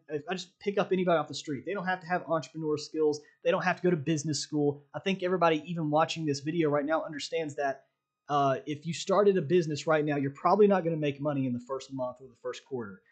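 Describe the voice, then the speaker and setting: A man giving a casual, direct motivational talk about trading as a coach, emphatic and conversational, often checking in with "right?". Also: a little high.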